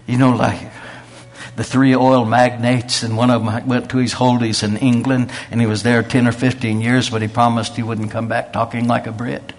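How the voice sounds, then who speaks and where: A man's voice: medium pitch, little pitch movement, moderate pace. Folksy preacher man. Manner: folksy storytelling with quoted voices. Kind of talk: sermon.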